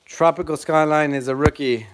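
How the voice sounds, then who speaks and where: A man's voice: a little high, fairly even intonation, normal speed, background noise. A man chatting casually on a live stream from his phone, calling to his dogs and laughing with viewers.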